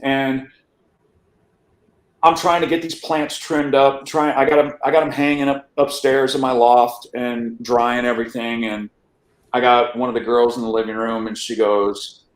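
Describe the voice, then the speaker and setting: An interview guest with a mid-range voice, speaking at normal speed, tells a long personal story in a casual, animated way, acting out what people said. The room is echoey and the recording rough, and he stammers and restarts phrases now and then.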